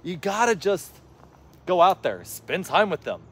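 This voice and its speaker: A man's voice: unhurried, slightly rough. Casual man giving dog tips outdoors. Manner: encouraging, calls out to his dog in a high excited voice; talks to the viewers in a casual, rambling way. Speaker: dog trainer and vlogger. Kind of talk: casual outdoor vlog while playing fetch. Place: outdoors, in a yard.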